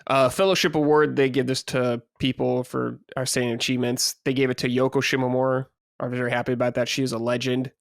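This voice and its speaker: A man's voice: medium pitch, little pitch movement, fast, creaky, dry recording, studio quality. Easygoing man hosting a gaming podcast. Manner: easygoing, reads out lists, laughs along. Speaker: podcast host reading award results. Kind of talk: casual podcast chat.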